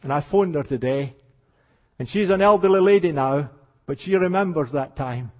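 An older man preaches with a high, ringing voice that fills a large hall with long reverb. His revival sermon flows as passionate storytelling, sinking to near-hushed tones before rising into fervent exclamations. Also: moderate pace, highs cut off.

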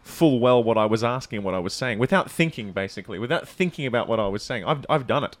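Casting: Australian man, radio co-host, rapid lively delivery, dry studio sound. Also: mid-range voice, no room sound. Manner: quick, joking, storytelling. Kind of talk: casual radio chat.

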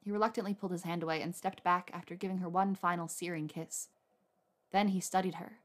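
A woman narrating a romance story aloud in a soft, unhurried reading voice. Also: lowish voice, fairly even intonation. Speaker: audiobook narrator.

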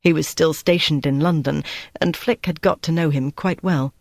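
An audiobook narrator reading a novel in an even, measured storytelling manner. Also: medium pitch, no echo, studio quality. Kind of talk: scripted narration.

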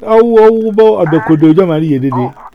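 A man talking in a lively, excitable way, often repeating words and restarting his sentences. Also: on the high side, fast, phone-quality sound. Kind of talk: lively spontaneous speech. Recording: crowd noise behind.

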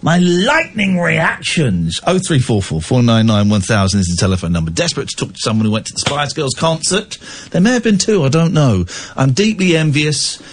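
A man's voice: expressive, fairly quick, hardly any pauses. A man hosting a late-night radio phone-in, chatting in a rambling, self-mocking way on a close studio mic. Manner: rambling, self-mocking, jumps between pitches. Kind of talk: casual talk radio chat. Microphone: close studio microphone.

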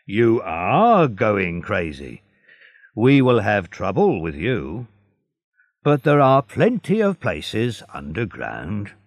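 A man's voice: on the low side, huge pitch swings, takes it slowly, no echo, studio quality, heavily acted. A man voicing a blunt, weary male prison guard with a brusque, matter-of-fact manner.

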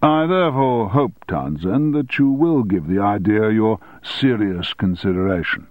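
A long-winded old headmaster, formal and measured, delivers his words with weighty self-importance, as a male narrator reads him. The sound is dry and thin, as if over a phone line. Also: on the low side, lively intonation, no echo. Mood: pompous.

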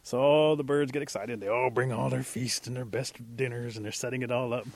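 Relaxed, animated male storyteller. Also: mid-range voice, a little fast. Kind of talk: traditional folk-tale storytelling.

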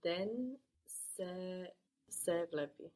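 A woman answering as a learner in a language lesson, giving hesitant replies with pauses. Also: on the low side, steady tone, darkish tone.

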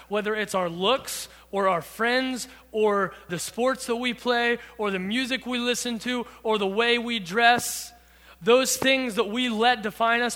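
A bright, high-voiced man preaches to a youth group, working through a song's lyrics one line at a time. His earnest voice carries a long reverb from a church hall. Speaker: youth pastor. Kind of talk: sermon.

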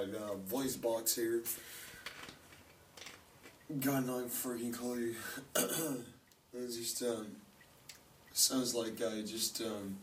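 A feverish man with a cracking voice, rambling casually, swearing and clearing his throat a lot. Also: medium pitch. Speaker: musician jamming with friends. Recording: echoey room mic from far off with noise.

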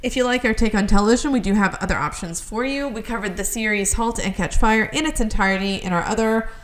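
A woman's voice: mid-range voice, fast. A woman co-hosting a casual podcast, recapping a TV episode and plugging the show. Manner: chatty, relaxed, sign-off with show plugs. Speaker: podcast co-host.

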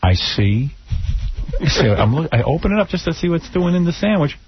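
A man hosting a radio talk show, telling a wry anecdote in a lively voice that rises and falls. The broadcast sound is dull and lo-fi. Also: fairly high pitch, slight background noise. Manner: animated, wry, drawn-out anecdote with acted-out quotes. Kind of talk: casual storytelling chat.

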